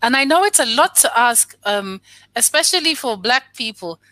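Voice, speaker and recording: A woman appearing as a guest, her voice bright and a bit high. She speaks reflectively, often stopping to restart a thought. The sound is dry and close, with no room around it. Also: animated, moderate pace, no echo. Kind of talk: casual conversation.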